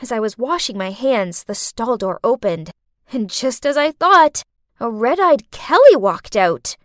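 Woman narrator, first-person story, high voice, very lively pitch, dry close sound. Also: measured pace, dry recording. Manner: expressive, sassy.

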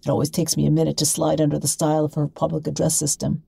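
A woman reads a short story aloud in a measured, wry voice. Her tone is low and gravelly. It sounds close and dry, as in a quiet studio. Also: monotone, dry recording, rough recording. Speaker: reader.

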